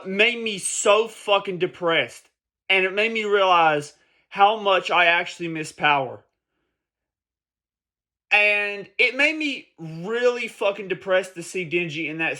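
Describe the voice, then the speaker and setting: Male vlogger, high-pitched, emphatic and profane, casual heated commentary. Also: pushed and bright. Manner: emphatic, profane, repeats points for stress.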